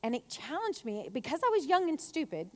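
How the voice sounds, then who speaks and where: A woman giving a chatty, animated faith talk to a women's gathering, telling stories with acted asides. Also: sits high, a little fast. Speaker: speaker at a women's church gathering. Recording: long hall reverb.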